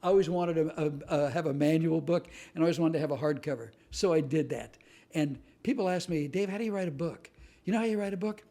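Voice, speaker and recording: Emphatic male storyteller, warm tone. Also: fairly high pitch, quick pace, creaky. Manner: animated storyteller, punchy emphatic repetitions. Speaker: host and author. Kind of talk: motivational talk.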